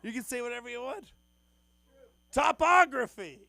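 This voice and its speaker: A man's voice: very high-pitched, animated, normal speed, vocal fry, sharp tone, dry recording. A young man from Boston doing a crude, self-mocking stand-up set on a club stage into a handheld mic. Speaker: stand-up comedian.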